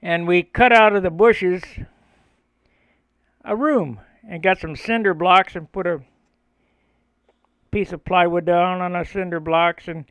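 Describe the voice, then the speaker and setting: Older man, slow rambling workshop storyteller. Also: high-pitched, fairly even intonation, a bit bright, clear, resonant tone, no echo. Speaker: model airplane builder. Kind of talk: casual storytelling while building.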